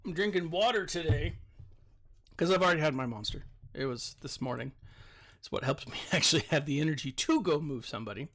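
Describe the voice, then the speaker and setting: A man's voice: a little high, fairly quick, a bit bright. A man who works as a teacher, chatting casually while commenting on a mobile game, a little tired, rambling with lots of fillers.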